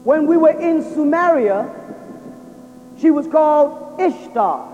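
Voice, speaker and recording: A man's voice: very high voice, animated, slow pace, mellow. Man, lecture-style sermon, rhetorical questions, dull lo-fi sound, faint hiss. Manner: drills listeners with rhetorical questions. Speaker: religious lecturer. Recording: dull lo-fi recording in a reverberant hall.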